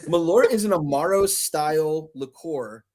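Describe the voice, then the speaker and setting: A man co-hosting a podcast in casual chat, telling stories with quick laughs and loose swearing. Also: a little high. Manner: animated storyteller, quick laughs, swears freely. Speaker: podcast co-host.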